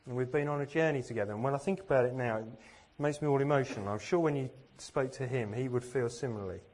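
A man's voice: medium pitch, quick pace, darkish tone. A man from England giving a sermon, earnest and self-deprecating, with plenty of rhetorical questions. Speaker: preacher.

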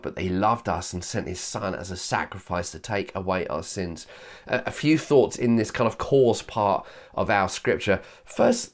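A man from Yorkshire, England, preaching a sermon. He slows to stress key phrases, repeats his main lines and quickens for asides. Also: medium pitch. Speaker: pastor.

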